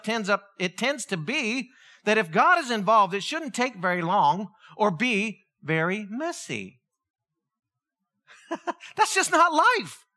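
A man preaching a conversational sermon, acting out quotes in an animated way. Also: high-pitched. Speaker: pastor.

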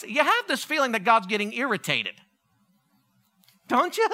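A man preaching a sermon, telling the story in an animated, joking way. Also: extremely high pitch, normal speed. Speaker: pastor. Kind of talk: humorous sermon.

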